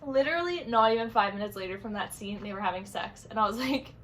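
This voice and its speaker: A young woman talks through a book review in a loose, chatty vlog manner, piling up fillers as she goes. Her voice sits at an ordinary middle pitch for a woman. A faint background noise hangs under the recording. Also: animated, quick pace, a bit bright, rough recording. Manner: chatty, rambling, many fillers.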